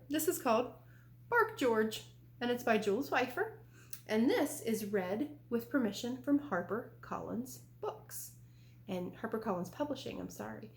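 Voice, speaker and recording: At a children's storytime in a library room, a young adult librarian reads a picture book at a measured pace in a slightly high, creaky voice with big pitch swings. She keeps it playful and peppers the kids with questions, with roomy echo on the recording.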